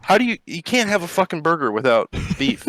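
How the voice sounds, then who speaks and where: A man's voice: a little high, big pitch swings, brisk, fairly bright tone, no echo. Sarcastic podcast guy ranting and cussing, dry close mic sound. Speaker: podcast co-host. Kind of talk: casual chat.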